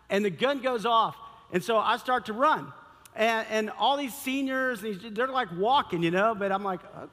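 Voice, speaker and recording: A high-pitched man preaching in a large, echoing hall, bright and forceful. He tells a comic personal story as a sermon and acts out his own thoughts with animated swings. The long reverb of the room hangs on every phrase. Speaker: pastor.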